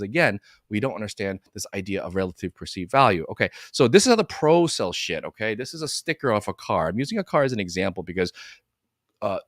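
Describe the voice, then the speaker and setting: Animated, rambling male coach. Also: mid-range voice, no echo, studio quality. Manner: animated and rambling, with casual swearing and frequent check-ins with listeners. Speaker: business coach for chiropractors. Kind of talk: casual live-streamed teaching talk.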